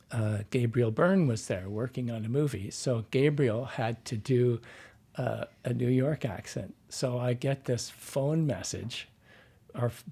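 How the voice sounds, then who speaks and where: A man's voice: mid-range voice, vocal fry, dark tone, slightly rough. A man who works as a dialect coach, telling stories in a rambling, casual interview with many fillers and restarts.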